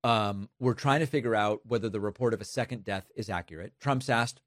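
A man's voice: lowish voice, fairly quick, dry recording, clean studio sound. A man hosting a political commentary show, making emphatic numbered points with a sarcastic edge.

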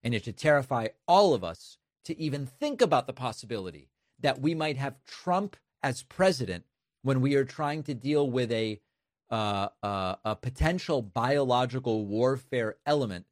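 A man's voice: medium pitch, expressive, moderate pace, no room sound, clean studio sound. A man delivering emphatic, sarcastic political commentary. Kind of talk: opinion commentary.

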